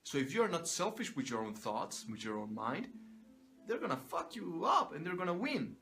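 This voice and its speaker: A man's voice: on the high side, very animated, moderate pace, a bit bright, soft background music. A man giving an emphatic, profane motivational monologue, repeating himself for emphasis. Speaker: motivational speaker.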